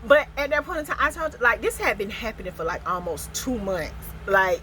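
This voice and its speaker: A woman vlogger telling a casual storytime in an animated, expressive way, laughing often. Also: fairly high pitch, a little fast, a little hiss or hum, rough recording.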